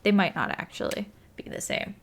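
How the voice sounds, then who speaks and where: A woman's voice: moderate pace, a bit bright. Chatty woman thinking aloud over a game. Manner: thinks aloud, counts tiles, apologetic and chatty. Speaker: gaming YouTuber. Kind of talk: casual let's-play commentary.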